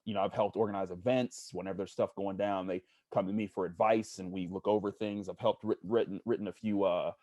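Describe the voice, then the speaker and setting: A man from Pittsburgh, a sports journalist, talking earnestly as a podcast guest, halting and searching for words. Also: sits low, steady tone, warm tone, no echo. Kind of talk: casual interview storytelling.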